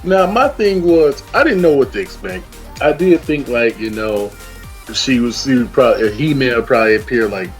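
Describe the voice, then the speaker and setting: A man's voice: medium pitch, lively intonation, normal speed, faint music behind. A man co-reviewing a show in casual chat, ranting with lots of profanity and acting out characters' lines as he retells the plot. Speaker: co-reviewer guest.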